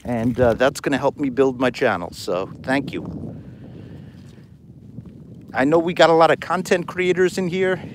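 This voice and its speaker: A man with a New York accent hosting a live outdoor metal detecting vlog, talking excitably and rambling from thought to thought. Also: mid-range voice, normal speed, pauses often, a little hiss or hum. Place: outdoors on a beach.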